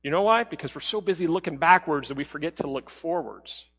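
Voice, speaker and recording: A man preaching a sermon as a pastor, talking in a conversational way and dropping to a soft low voice when he quotes. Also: animated, fairly quick, husky, long reverb tail.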